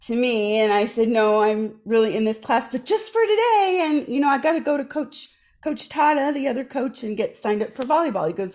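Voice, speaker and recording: A woman's voice: on the high side, moderate pace. A woman telling a long funny story in casual chat, acting out the voices of the people she quotes, on a video call. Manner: animated, acts out quoted voices. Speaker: guest performer.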